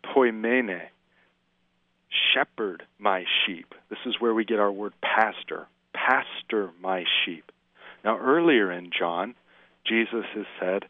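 A man, a minister, giving an earnest, reflective commentary on scripture and slowing down to dwell on the verses he quotes. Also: lowish voice, no echo. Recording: tinny phone-line sound, dry.

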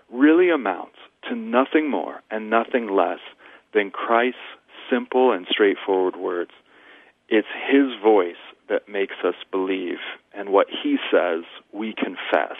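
A man with a fairly low voice talks like a pastor giving a sermon, driving points home with emphatic repetition. He comes through a thin, phone-like line that is dry, with no room around it. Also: no echo. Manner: emphatic, repeats phrases for rhetorical build-up. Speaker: Lutheran pastor, guest. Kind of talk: radio interview, preaching tone.

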